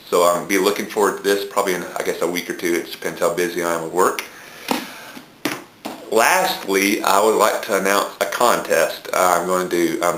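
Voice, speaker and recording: A man with a Southern US drawl speaks in a low register, filling his casual book talk with frequent ums. The sound bounces around a reverberant room. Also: fairly bright tone, a little hiss or hum. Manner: hesitant, many ums. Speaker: book reviewer. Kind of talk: casual video blog talk. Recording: echoey room.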